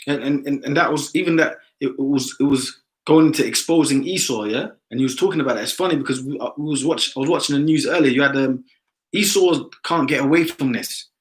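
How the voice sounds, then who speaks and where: A man's voice: mid-range voice, fairly quick, low-quality recording. A man in casual discussion, talking emphatically and ending many phrases with "man".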